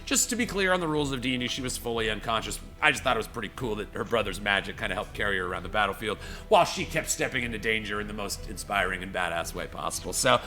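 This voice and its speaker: Dude running a tabletop game, super bright tense voice, rambles and acts stuff out. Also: male voice, lowish voice, fast talker, hardly any pauses, faint music behind. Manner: rambling, lots of "you know" and "like"; animated, acts out scenes. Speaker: game master.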